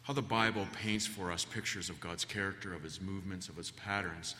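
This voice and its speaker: A guest preacher delivers a sermon in a church sanctuary, spinning folksy family stories full of ums and restarts. His voice is low and steady, a little fast, with a pushed, bright quality, and long church reverb trails each phrase.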